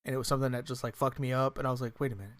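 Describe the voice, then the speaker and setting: A casual podcast co-host who rambles through thoughts, full of fillers, restarts and easy swearing. The voice sits at an ordinary middle pitch and breaks into laughs often. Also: monotone, very fast. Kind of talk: casual chat about horror movies.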